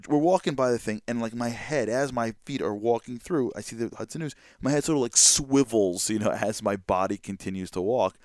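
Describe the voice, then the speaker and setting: A man hosting a podcast, telling a personal story in a lively, chatty way with lots of fillers. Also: low-pitched, no echo, clean studio sound. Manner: lively, quick anecdotal delivery with many fillers. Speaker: podcast host. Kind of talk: storytelling monologue.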